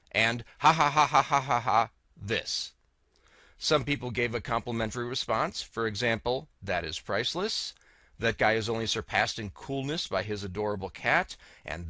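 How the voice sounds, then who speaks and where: Brief: bright-toned male vlogger, deadpan and wry, voice-over recorded close and dry. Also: lowish voice, no echo. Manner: wry, deadpan storyteller reading out comments. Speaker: video creator narrating his own story. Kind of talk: casual narrated video diary.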